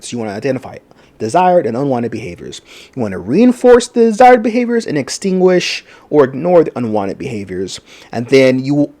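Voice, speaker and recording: A man giving a recorded college lecture, conversational and animated, with many fillers and rhetorical questions. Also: mid-range voice.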